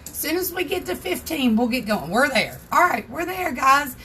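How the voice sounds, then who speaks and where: Woman, craft livestream host, chatty, greets viewers by name, fairly high voice, faint background hiss. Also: very animated, normal speed, pushed and bright. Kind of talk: casual livestream tutorial. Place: home craft room.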